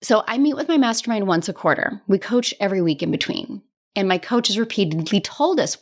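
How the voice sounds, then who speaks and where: Woman host, mid-range voice, talking straight to listeners like a friend; lively, tough-love coach. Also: medium pitch, brisk. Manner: chatty and animated, laughs often; tough-love directness, casual swearing. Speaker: podcast host and business coach. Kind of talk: casual solo podcast talk.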